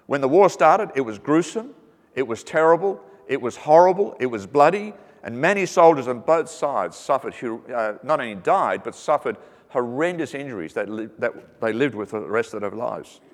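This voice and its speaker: A man at a mid pitch preaches a sermon in a big echoing hall. He teaches earnestly and slips in joking asides. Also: lively intonation, normal speed. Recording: reverberant hall.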